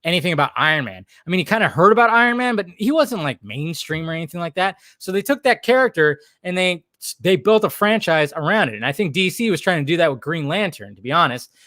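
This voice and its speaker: A man's voice: a little high, animated, fast talker, hardly any pauses, pushed and bright, dry recording, studio quality. Profane, rambling man on a livestream. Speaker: livestream host reading chat. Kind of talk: casual livestream chat.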